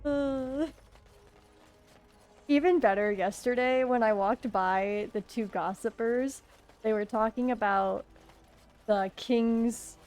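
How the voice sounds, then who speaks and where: A woman's voice: a little high, darkish tone. A woman streamer chatting casually over a role-playing game, joking and laughing often. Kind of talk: casual gameplay commentary.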